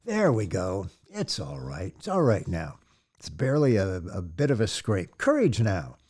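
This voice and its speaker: A man voicing a huge bearded shepherd messiah in an audiobook, speaking in a gentle, rumbling, folksy way. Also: big pitch swings, normal speed, husky. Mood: soothing. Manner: soothing, folksy, with occasional stern reprimand. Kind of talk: audiobook character voice.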